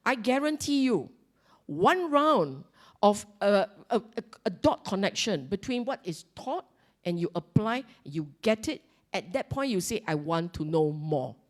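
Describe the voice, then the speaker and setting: Delivering a Dhamma talk to a Buddhist congregation, a middle-aged Singaporean-accented woman stresses and repeats her main points while posing questions to her listeners. Her fairly high voice is sing-song, at a measured pace.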